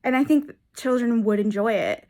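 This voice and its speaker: A woman's voice: a little high, moderate pace, dark tone. A young adult woman chatting casually in a reading vlog, gushing and enthusiastic, rambling with frequent restarts. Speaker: book vlogger.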